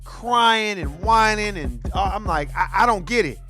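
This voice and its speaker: A man hosting an online show, giving animated, profane commentary with a sing-song delivery. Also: sits high, measured pace, soft background music. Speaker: host. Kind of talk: profane commentary on video clips.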